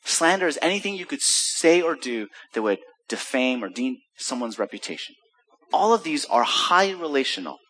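A man's voice: medium pitch, big pitch swings, moderate pace, pushed and bright, slightly rough. A middle-aged American man preaching a sermon as pastor, asking his listeners rhetorical questions and mixing in jokes. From United States. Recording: long hall reverb.

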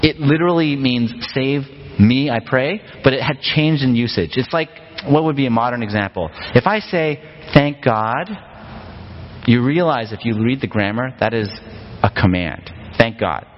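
A pastor preaching a sermon in a relaxed, conversational way, often asking the congregation rhetorical questions. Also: male voice, medium pitch, moderate pace. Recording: long hall reverb, dull lo-fi sound.

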